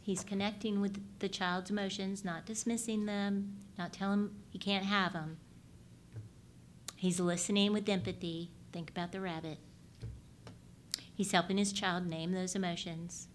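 A middle-aged woman at a medium pitch, teaching about parenting with an animated manner. She often turns to ask her listeners questions and swings between loud and hushed delivery, with a faint low rumble behind her. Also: normal speed. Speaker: parenting speaker. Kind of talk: teaching talk.

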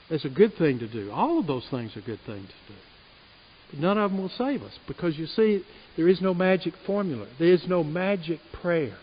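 A man preaching a sermon as pastor, earnest and rising loud on his key points. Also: on the high side, lively intonation, moderate pace, husky. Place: church sanctuary. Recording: reverberant church hall, muffled sound.

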